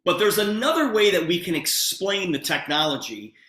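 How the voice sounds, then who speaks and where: A man giving an eager, persuasive sales pitch on a video call, talking straight to his audience. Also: animated, normal speed, bright, forceful tone, echoey room. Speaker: presenter.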